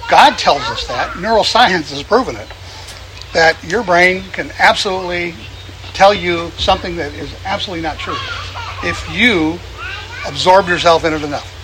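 A man's voice: high-pitched, normal speed. Folksy preacher man outdoors, noisy. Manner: folksy, chuckling, repeating phrases. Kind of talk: outdoor sermon. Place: outdoors among birds.

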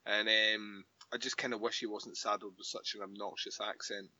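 A man co-hosting a podcast in casual chat, swearing freely, quick with jokes and then earnest about the show. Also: fairly low pitch, level tone, sharp tone, no room sound. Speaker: podcast co-host. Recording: dull lo-fi dry mic.

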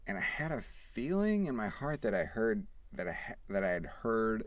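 Low-voiced man telling a story. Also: normal speed, no echo. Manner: rambling, animated retelling with quoted dialogue. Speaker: podcast host. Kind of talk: casual storytelling.

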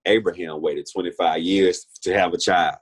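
Young man in his 20s, deep and a bit raspy, heartfelt testimony guest. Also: fairly even intonation, moderate pace. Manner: earnest, heartfelt, repeats himself often. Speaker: interview guest. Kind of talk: personal testimony in conversation.

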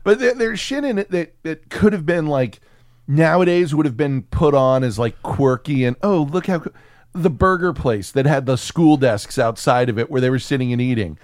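A man co-hosting a casual film podcast, animated and swearing freely as he riffs on a movie. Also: on the high side, normal speed, no room sound, clean studio sound. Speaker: podcast co-host. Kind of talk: casual movie review chat.

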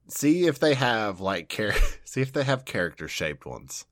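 A woman's voice: a bass voice, sing-song, a little slow, dry recording, studio quality. A woman co-hosting a podcast, teasing and joking in casual chat. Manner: playful, teasing, jokey reasoning. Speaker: podcast co-host.

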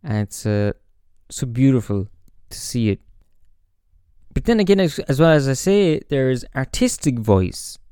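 A man's voice: medium pitch, big pitch swings, measured pace, pauses often, mellow, clean tone, dry recording, clean studio sound. A man hosting his own podcast, talking through his thoughts in a rambling, reflective way full of fillers and restarts, into a podcast microphone. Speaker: podcast host. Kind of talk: casual reflective monologue.

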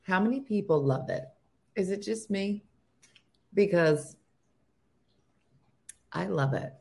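A woman in her forties hosting a casual morning show, animated and acting out what people say. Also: medium pitch, slow, creaky. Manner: animated, gasping and acting out quotes. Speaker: host.

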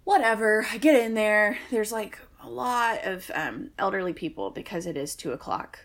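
A woman's voice: mid-range voice, lively intonation, normal speed, creaky. A woman, co-hosting a podcast and telling a long, wry, exasperated story in casual chat. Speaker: podcast co-host.

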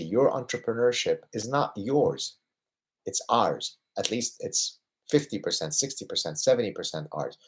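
A man's voice: fairly low pitch, husky. A man in his fifties hosting a livestream Q&A, answering viewers emphatically and often tagging points with a rhetorical "right?". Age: 50s. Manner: lively, getting excited about his passions. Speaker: host answering viewer questions.

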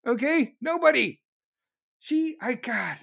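A man's voice: very high-pitched, expressive, slow, gravelly, fairly bright tone. Angry, swearing political ranter, man. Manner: angry, sarcastic, mocking. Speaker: political commentator. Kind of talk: profane political rant.

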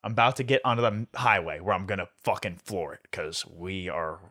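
A young man hosting a podcast, telling a story in a profane, animated way. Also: deep voice, a little fast. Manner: profane, animated storyteller who swears often. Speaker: podcast host. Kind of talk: casual storytelling chat.

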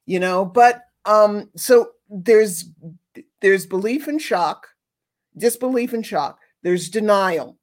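A woman's voice: mid-range voice, animated, slow pace. A woman hosting a show, talking earnestly and ramblingly about grief and grounding, restarting often and sometimes swearing. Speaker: host. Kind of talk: casual spiritual talk.

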